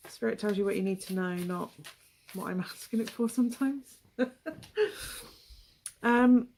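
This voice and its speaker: A woman's voice: mid-range voice, unhurried, darkish tone, slight background noise. A young woman with a West Country English accent giving a casual, rambling tarot reading, full of asides and ums. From England. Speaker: tarot reader.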